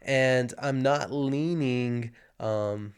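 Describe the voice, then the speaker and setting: A man with a mid-range voice tells a story in a relaxed, chatty way. He brings the moments to life, slipping into his own worried inner voice, and now and then he stumbles over his words. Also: mid-range voice, drawn-out words, smooth. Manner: animated, acts out his own panicked inner voice. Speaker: guest sharing his testimony. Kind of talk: casual storytelling.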